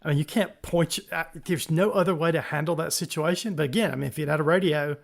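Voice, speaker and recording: A man's voice: on the high side, quick pace, gravelly. A man co-hosting a podcast, chatting casually about the news, rambling and chuckling. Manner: rambling, self-interrupting, chuckles often. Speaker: podcast co-host.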